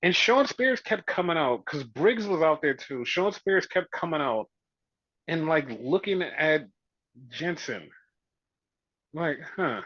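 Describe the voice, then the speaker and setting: Excitable man recapping, higher voice, dry lo-fi. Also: slow pace, no echo. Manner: profane, animated retelling with mimicked quotes. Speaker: podcast host. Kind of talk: casual wrestling recap chat. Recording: dull, dry lo-fi audio.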